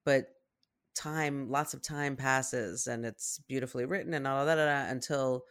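Podcast co-host, casual chat, wry, calm, mid pitch. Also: a little slow. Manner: wry, calm, reads listener posts aloud.

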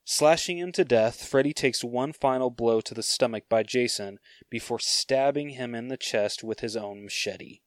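A man hosting a podcast, laying out a story pitch in casual chat, with hesitations and fillers. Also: moderate pace, few pauses, no echo, studio quality. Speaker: podcast host. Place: podcast studio.

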